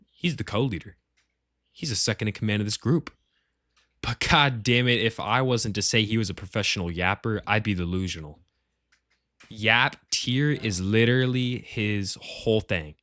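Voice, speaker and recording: Low-voiced guy rambling and cussing through a tier list, dry close sound. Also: a bit bright, no echo. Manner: profane, rambling, slangy banter. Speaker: gaming clan leader. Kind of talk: casual tier-list commentary. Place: at home, shared with family.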